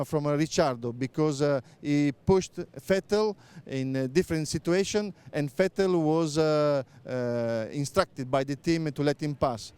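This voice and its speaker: This former racing driver from Italy, now a motorsport pundit, is a middle-aged native Italian speaker fielding interview questions with a fairly high, darkish, clear and resonant voice. Filler sounds interrupt him frequently, and he keeps starting his phrases over.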